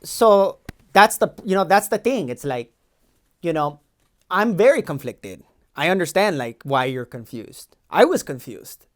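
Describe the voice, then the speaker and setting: A man plays a cocky young immigration agent with a Los Angeles valley accent, rambling on in an improvised comedy sketch. He sounds defensive, slangy and boastful, and his voice sits a little higher than most men's. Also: sing-song, measured pace. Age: 20s. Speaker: podcast co-host.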